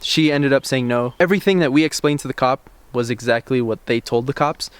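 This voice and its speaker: A man's voice: mid-range voice, brisk, clean tone, no room sound. Young man telling a story casually. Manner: relaxed, chatty, retells events with quoted dialogue. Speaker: car channel host. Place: outdoors by parked cars. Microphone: camera-mounted shotgun mic.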